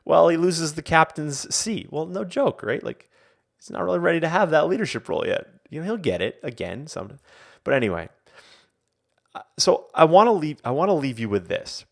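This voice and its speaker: Hosting a live online Q&A in his role as coach, this man has a gravelly, higher-pitched voice and a normal speaking pace. He rambles casually, restarting often, leaning on fillers, and voicing quotes in an animated way.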